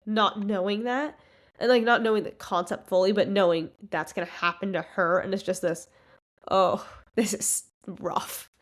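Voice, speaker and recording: A woman's voice: medium pitch, fairly even intonation, a little fast. A woman co-hosting a podcast, recapping a book in a rambling way, full of likes and quoted lines. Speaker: podcast co-host. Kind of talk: casual book discussion.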